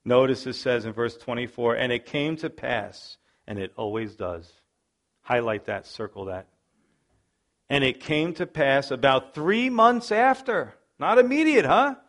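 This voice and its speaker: A middle-aged man giving a sermon as a pastor, telling the story with drama and acting out the voices, swinging from loud bursts to hushed asides. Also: mid-range voice, big pitch swings, measured pace.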